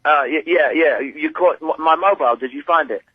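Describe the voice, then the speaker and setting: A man's voice: fairly high pitch, a little fast, breathy edge, dry recording. A British man from Britain, irritated and sarcastic, swearing at a caller over the phone. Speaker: prank call target. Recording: muffled phone line.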